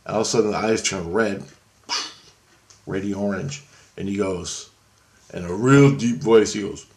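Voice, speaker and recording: A man with a low, gravelly voice tells a story off the cuff. He rambles, swears freely and keeps backing up to fix his own words. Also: normal speed, darkish tone. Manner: rambling, profane, self-correcting. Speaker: vlogger recounting a dream. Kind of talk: casual spoken storytelling monologue.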